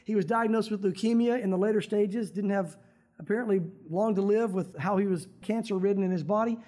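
A male pastor with a high-sitting, dark-toned voice preaches a little fast in a loose, conversational style. He addresses the congregation as if they were old friends and slips into dramatic prayer voices to drive his points home.

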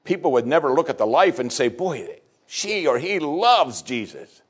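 A man's voice: moderate pace, husky. A middle-aged man preaching a sermon, acting out scripture dialogue with big swings in his voice. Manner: expressive preaching, acting out scripture dialogue with sweeping pitch shifts. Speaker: pastor.

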